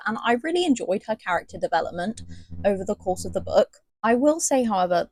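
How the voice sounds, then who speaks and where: A woman's voice: medium pitch, no echo. Young British woman, book vlogger, casual chat, bubbly, playfully dramatic, dry close recording. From Great Britain. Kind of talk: casual book review vlog.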